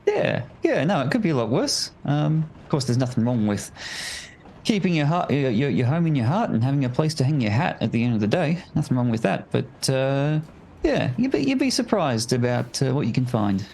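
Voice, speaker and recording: A man voicing an easygoing, well-traveled New Zealander who talks in a relaxed, hesitant way. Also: mid-range voice, a little fast, slight background noise.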